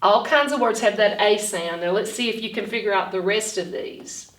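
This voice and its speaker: A woman reading a storybook aloud and then teaching phonics to children, animated and gasping, speaking slowly and clearly. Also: medium pitch. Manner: animated, with dramatic gasps, slow and clearly spoken. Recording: echoey room, far from the mic.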